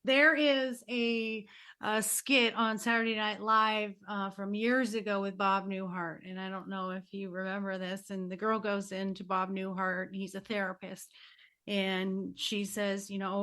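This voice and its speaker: A woman hosting a podcast and coaching, telling stories with lively acted-out quotes and closing with an upbeat sign-off. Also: mid-range voice, moderate pace. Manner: animated storyteller, acts out quoted voices. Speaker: podcast host and life coach. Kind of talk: casual interview chat.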